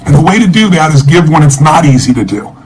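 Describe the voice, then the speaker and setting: Male motivational speaker, slightly raised pitch, energetic and emotive storyteller, charity appeal. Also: fast talker, a little hiss or hum, poor audio.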